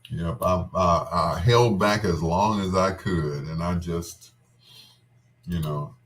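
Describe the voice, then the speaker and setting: A man with a low, deep voice speaks slowly as he fondly recalls a day that moved him. His talk halts and restarts, trailing off into pauses. He is tender and close to tears. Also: a bit bright. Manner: tender and tearful. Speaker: friend recalling a wedding. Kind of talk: casual heartfelt reminiscing.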